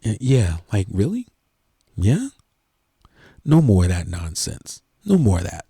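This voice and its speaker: A middle-aged church organist talking earnestly and emotionally to the camera, in a heartfelt, preachy way. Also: male voice, on the low side, wildly swooping pitch, unhurried, vocal fry, warm tone, slightly rough, no room sound, clean studio sound. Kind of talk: heartfelt casual talk to camera.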